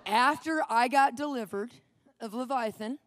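A middle-aged woman preaching and telling a lively personal story, acting out the people in it. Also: on the high side, measured pace, a little hiss or hum. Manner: animated storytelling, acting out quotes.

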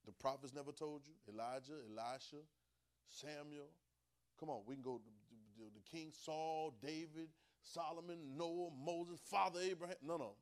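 Dialect-speaking preacher swinging from soft to loud. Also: male voice, fairly high pitch, normal speed. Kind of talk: sermon.

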